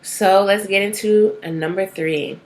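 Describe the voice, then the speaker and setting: A woman's voice: mid-range voice, fairly even intonation, measured pace, a little mellow. A woman vlogging casually from her bathroom, chatty and rambling, with many fillers and tag questions. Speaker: self-help vlogger. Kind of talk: casual talking-to-camera vlog. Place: small bathroom at home.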